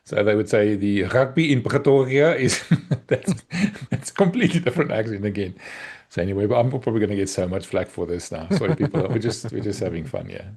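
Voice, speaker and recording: Husky South African man, casual chat. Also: lowish voice, sing-song, fast talker, darkish tone. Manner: teasing, chatty, laughs often. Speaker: podcast co-host.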